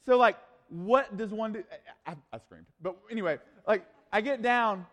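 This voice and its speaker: A youth pastor preaching to a crowd, a man with a slightly higher voice who tells his stories in a loose, animated way full of fillers. His voice rings out with the long reverb of a big hall. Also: moderate pace, dull audio. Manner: animated, casual storytelling with frequent fillers. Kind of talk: storytelling sermon.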